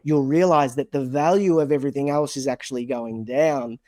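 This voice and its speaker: Male co-host, mid voice, quick explainer, dry studio. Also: mid-range voice, steady tone, warm tone, dry recording. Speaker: podcast co-host. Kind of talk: casual podcast chat.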